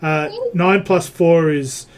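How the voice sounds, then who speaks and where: A man's voice: on the high side, fairly even intonation, slow pace, a crowd in the background. A man running a tabletop game as game master, hesitant and full of fillers as he works out dice math.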